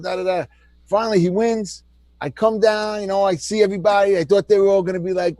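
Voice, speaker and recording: A man co-hosting a heated political chat, talking in an animated, mocking, ranting way. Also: sits high, fairly quick, no room sound. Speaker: co-host.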